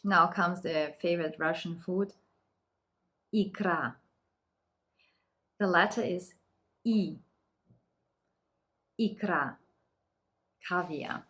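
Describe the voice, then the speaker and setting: A woman teaching a beginners' language lesson, reading each word and its translation slowly and repeating it. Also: fairly low pitch, fairly bright tone. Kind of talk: slow, deliberate lesson reading words aloud.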